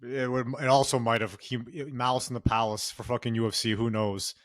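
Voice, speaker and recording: A man's voice: medium pitch, fairly even intonation, brisk, no echo, studio quality. A man co-hosting a casual sports podcast, blunt and profane, teasing his co-host.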